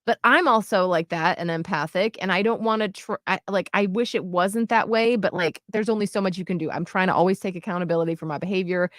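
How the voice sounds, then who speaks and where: A woman in her thirties co-hosts a radio show in casual chat. She is animated and self-deprecating and runs her stories together in long stretches. Her voice sits at a medium pitch and sounds close and dry. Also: quick pace, few pauses, no room sound. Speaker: radio co-host.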